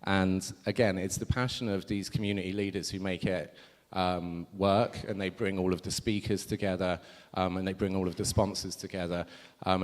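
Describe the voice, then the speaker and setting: A man giving a conference opening speech, rambling a little with many ums and self-corrections. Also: sits low. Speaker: conference organizer. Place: large conference hall. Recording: hall reverb from stage mic.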